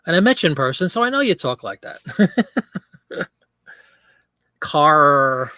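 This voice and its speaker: A man's voice: high-pitched, big pitch swings, fairly quick, a bit bright, no room sound, studio quality. A man hosting a live selling stream, chatting casually and joking as he reads viewer comments aloud.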